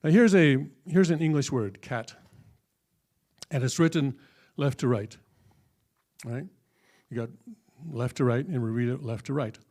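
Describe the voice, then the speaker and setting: A man's voice: medium pitch, measured pace, long pauses, a little mellow. A man giving a patient, step-by-step classroom lecture at a church, with many fillers and frequent check-ins with his listeners. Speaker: church teacher. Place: church hall.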